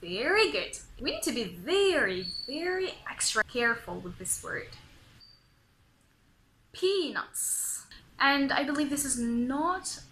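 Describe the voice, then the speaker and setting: A young woman from Tunisia teaching English pronunciation in a playful way, sounding out words slowly and carefully. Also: sits high, very animated, pushed and bright, low-quality recording. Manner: playful, slow and carefully enunciated. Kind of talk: video pronunciation lesson.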